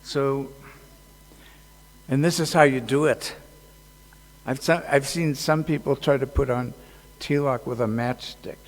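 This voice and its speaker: A man giving a casual devotional talk at a festival, halting and joking, with many fillers. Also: medium pitch, steady tone. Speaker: speaker at a temple festival. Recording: long hall reverb.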